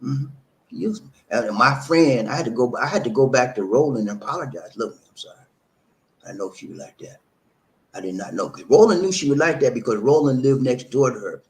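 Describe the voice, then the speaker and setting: A middle-aged man tells viewers about his own past. He talks emphatically, keeps adding "man" at the end of lines, and laughs at himself, at a middling pitch for a man. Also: lively intonation, a little fast. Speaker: vlog host. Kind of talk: personal storytelling to viewers.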